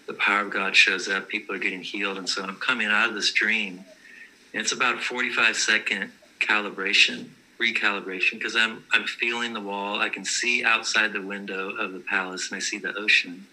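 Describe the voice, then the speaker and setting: A man with a fairly low voice that sounds very bright and forceful tells his personal stories casually. His delivery stays flat and even, earnest and matter-of-fact. He plays it straight throughout. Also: brisk, poor audio. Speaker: guest telling his vision stories.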